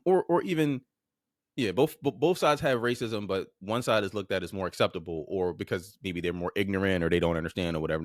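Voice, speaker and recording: On his podcast, a man with a low-sitting voice comments bluntly and informally on clips he plays, cursing casually and frequently starting phrases again. The audio has no echo and is studio quality.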